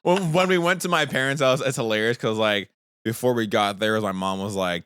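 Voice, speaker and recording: A man's voice: on the low side, a little fast, clear, resonant tone, no echo, clean studio sound. A man in his thirties co-hosting a casual podcast, telling family stories with laughter and acted-out quotes. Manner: animated storyteller, acts out quotes with laughter. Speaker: podcast co-host. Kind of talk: casual chat.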